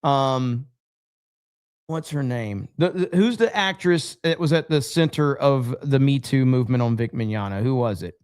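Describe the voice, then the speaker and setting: An American man hosts a casual livestream podcast, telling stories in a blunt, profane and animated way. His medium-pitched voice is clear and resonant at a moderate pace.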